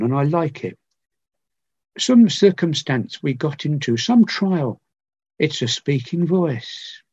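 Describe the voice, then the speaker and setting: Slow, earnest older man preaching. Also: fairly high pitch, vocal fry, darkish tone, slightly rough, no echo. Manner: slow, earnest pleading with repeated phrases and many pauses. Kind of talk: sermon. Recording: dull lo-fi recording.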